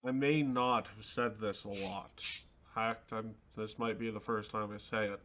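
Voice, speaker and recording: A man voicing a gruff but caring male mercenary leader who talks earnestly and reassuringly. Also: fairly low pitch, steady tone, measured pace, a bit bright, slight background noise, pitched below the performer's own voice.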